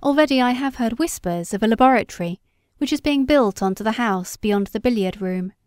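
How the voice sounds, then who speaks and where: Woman narrating an audiobook, measured. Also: fairly high pitch, expressive, darkish tone, smooth, dry recording, studio quality. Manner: measured, unhurried storytelling. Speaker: audiobook reader. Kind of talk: scripted narration.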